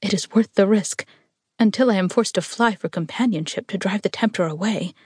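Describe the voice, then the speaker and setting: A woman's voice: mid-range voice, fairly quick, darkish tone, husky, dry recording, studio quality, lightly acted. A woman reading aloud voices a devoted, tormented young man who speaks in earnest murmurs, sometimes half-whispered.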